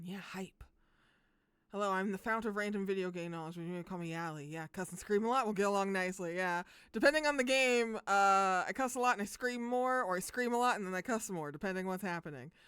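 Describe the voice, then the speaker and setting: A young adult woman streaming games live, chatting casually with viewers, bubbly and quick to swear and laugh. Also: medium pitch, a bit bright, clear, resonant tone, no echo. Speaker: game streamer.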